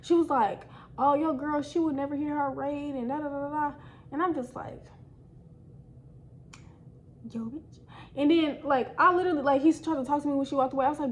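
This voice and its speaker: Young woman vlogger, high voice, chatty storytime delivery with light background hiss. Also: a little fast, long pauses, poor audio. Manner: animated, slangy, addresses viewers as y'all. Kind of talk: casual storytime.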